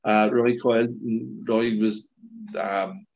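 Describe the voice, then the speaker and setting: Middle-aged Northern Irish ex-footballer, loose chatty anecdotes, muffled lo-fi audio. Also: male voice, on the low side, flat delivery, takes it slowly, a little mellow. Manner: rambling anecdotes with frequent laughs and restarts. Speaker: former footballer guest. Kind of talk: casual storytelling chat. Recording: dull lo-fi sound.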